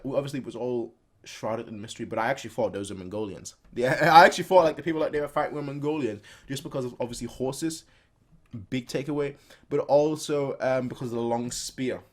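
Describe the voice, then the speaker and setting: A young man hosting a casual manga reaction, reading aloud with chatty, laughing asides. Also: medium pitch. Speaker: reaction video host.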